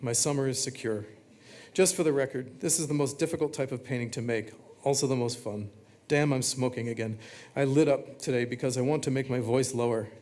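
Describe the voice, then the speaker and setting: A man reading his own text aloud, delivering short confessional quips in a flat, deadpan way. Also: medium pitch.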